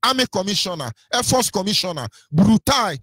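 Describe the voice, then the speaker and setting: A man's voice: on the high side, lively intonation, moderate pace, no echo. A Nigerian-accented man presenting on radio in a combative, taunting rant, hurling insults with sing-song lilts.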